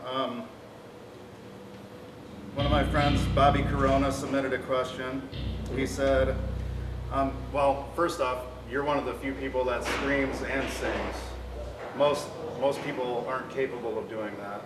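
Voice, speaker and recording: A man interviewing a band singer in a relaxed, casual way, reading out questions sent in by fans. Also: medium pitch, a little slow, far from the mic, background noise. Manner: relaxed, reads out fan questions. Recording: echoey, off-mic, loud music behind.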